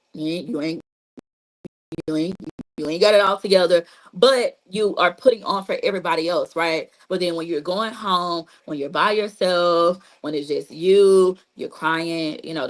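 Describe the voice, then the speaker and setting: A woman's voice: fairly low pitch, moderate pace, hardly any pauses, fairly bright tone, poor audio. A woman therapist giving a casual, repetitive teaching talk on trauma healing, speaking straight to listeners and leaning on "you know" and "like". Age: adult with a child.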